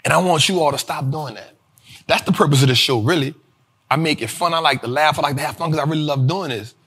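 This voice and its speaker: Excitable, high-voiced man riffing to viewers. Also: fast talker, husky. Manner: animated, profane, laughs at his own jokes; addresses viewers directly as y'all. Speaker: show host. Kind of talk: casual monologue on money and investing.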